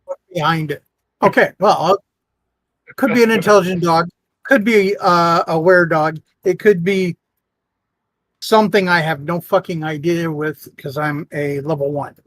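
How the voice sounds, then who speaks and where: A man playing a tabletop game, talking quickly and swearing casually. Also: on the high side, steady tone, fairly bright tone, no room sound. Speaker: player.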